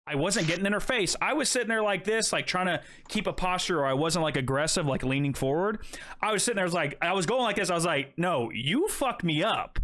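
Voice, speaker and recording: A man with a bright, fairly high voice tells a story on a casual podcast, swinging his pitch widely as he acts out every line of dialogue. He swears freely and keeps the telling animated. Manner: animated, profane, acts out both sides of dialogue. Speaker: podcast co-host.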